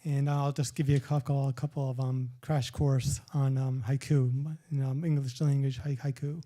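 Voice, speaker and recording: A middle-aged man giving a poetry reading at a live event, reading short poems and explaining them in a casual, halting way. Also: medium pitch, flat delivery, warm tone. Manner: halting, many restarts and fillers when explaining.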